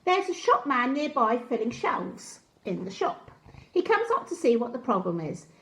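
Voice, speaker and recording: A woman storyteller reading a picture book aloud to young children, gently asking them questions. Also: a little high, very animated, normal speed. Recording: roomy echo.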